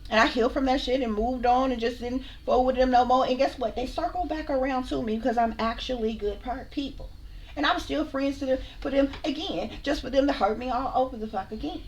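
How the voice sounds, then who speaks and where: Speaking fairly quickly in a high voice, a female channel host and spiritual reader launches into a heated, casual rant at her viewers. She comes across as blunt, profane and sassy, repeating herself as she goes.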